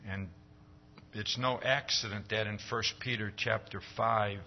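A man preaching a conversational sermon, often pausing to ask "See?" and raising his voice as he acts out quoted dialogue. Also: lowish voice, fairly even intonation, lo-fi sound, slight background noise. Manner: conversational, keeps asking "See?".

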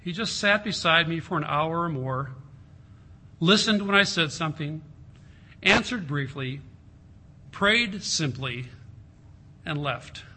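A man preaching a sermon in an earnest way, slowing down and softening his voice to stress a point. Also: fairly high pitch, animated, breathy edge. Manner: earnest, slows and softens for emphasis. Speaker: pastor.

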